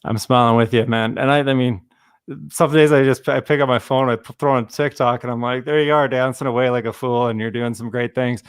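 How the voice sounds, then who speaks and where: A man hosting a podcast in casual conversation, enthusiastic and a bit halting. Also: medium pitch, steady tone, clear, resonant tone, no room sound, clean studio sound. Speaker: podcast host. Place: works in Canada.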